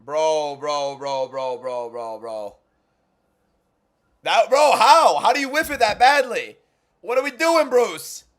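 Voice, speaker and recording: A man hosting a live fight watchalong, reacting with incredulous, repetitive exclamations that swing from low muttering to shouting. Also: big pitch swings, slow pace. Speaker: watchalong host.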